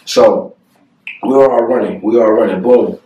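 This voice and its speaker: A young man with a fairly low voice retells a painful memory, earnest and halting, with many fillers along the way. He sounds a little off-mic, and the room around him is echoey. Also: warm tone, distant mic, dull audio. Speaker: family vlogger. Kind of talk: personal storytelling to camera.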